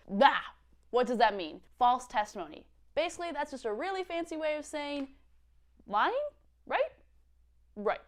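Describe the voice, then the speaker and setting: A woman's voice: fairly high pitch, animated, moderate pace. Bubbly young woman teaching a Bible lesson. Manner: bubbly, giggly, chatty. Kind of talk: casual video lesson.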